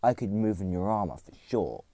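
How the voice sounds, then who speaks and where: A man's voice: lowish voice, sing-song, a little fast, dark tone. A man voicing a polite male AI assistant who speaks formally and calls his master sir.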